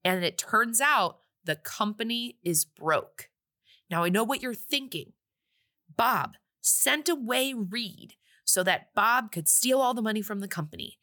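A woman in her late twenties casually recapping a movie on a podcast, chatty and quick to act out the characters' lines. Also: fairly high pitch, lively intonation, sharp tone. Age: 20s. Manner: chatty, acts out characters' lines, laughs often. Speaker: podcast co-host.

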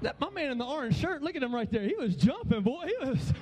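A man speaking at a youth event, preaching with high energy and shouting playful calls to a live crowd in a large hall. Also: big pitch swings, fast talker, music in the background.

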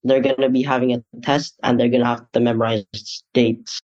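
A man's voice: medium pitch, flat delivery, brisk, darkish tone. A teenage boy hosting a student podcast, speaking casually and loosely, often reaching for words with fillers. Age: teens. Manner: loose, searching phrasing with many "like" fillers. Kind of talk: casual interview. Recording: dull lo-fi audio.

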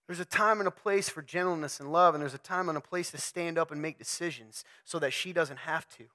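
A young man giving a conversational sermon to a men's group, animated and joking as he addresses the audience directly. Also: fairly high pitch, brisk, hardly any pauses. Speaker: speaker at a men's talk.

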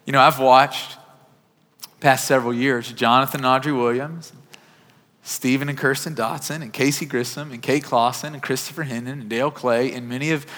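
A man's voice: mid-range voice, steady tone, moderate pace, fairly bright tone. A man in his thirties preaching a sermon in a church auditorium. He tells a personal story in an earnest, conversational way. His voice sits in the middle of the range and carries a long echo from the hall. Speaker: pastor.

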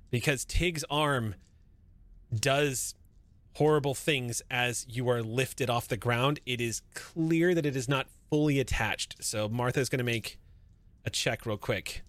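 A man narrating a tabletop sci-fi horror game as game master, explaining rules and scenes in a relaxed way with fillers and restarts. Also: mid-range voice, slow pace, no room sound.

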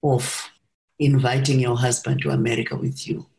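A stern older village man speaks bluntly and brushes people off, put on by a woman. His voice is gruff and commanding, and the recording sounds roomy. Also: a bass voice, level tone, normal speed, a little mellow. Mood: persuasive. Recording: roomy echo.

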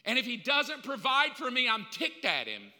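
A man preaching a sermon in an animated way, swinging between loud and hushed delivery. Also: extremely high pitch, normal speed. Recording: long hall reverb.

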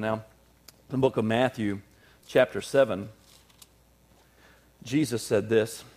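A man preaching a sermon with fervor, moving from quiet low passages to loud, raised ones and acting out everyday scenes. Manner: acts out everyday scenes in small voices. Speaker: pastor.

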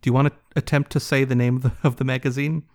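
A man's voice: mid-range voice, little pitch movement, fast talker, a little mellow. Curious male podcast host. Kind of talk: casual interview.

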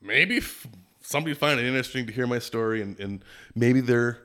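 A middle-aged man from Minnesota, a podcast guest telling stories in a casual, animated way and sometimes doing playful impressions. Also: medium pitch, brisk, clean tone. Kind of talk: casual storytelling interview.

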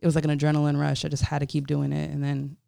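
Young woman from Florida, interview guest: gravelly, smooth, animated storyteller, dry close mic. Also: deep voice, very fast, no echo. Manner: animated, acts out quoted voices, many "like" fillers. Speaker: photographer guest.

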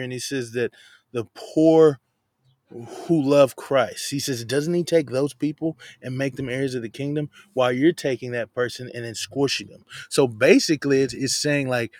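A man walks through a scripture passage in a relaxed, talky way, leaning hard on key words and tossing in slangy asides. His voice sits at an ordinary middle pitch. The sound is dry and close, with no room echo. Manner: conversational and emphatic, slangy asides. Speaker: Bible teacher. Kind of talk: casual verse-by-verse Bible teaching.

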